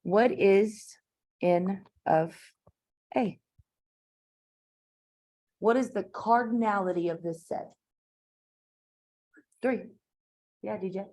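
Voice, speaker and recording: A woman's voice: medium pitch, slow, pauses often, a little mellow. A woman, teaching a math class in a classroom, chatty and informal with lots of asides and fillers. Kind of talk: classroom lecture.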